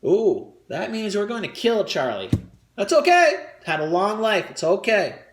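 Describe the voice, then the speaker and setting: A man working through a stand-up comedy routine in front of an audience, his pitch swinging widely as he jumps into quick character voices. His delivery is crude and animated. The room around him rings with an echo.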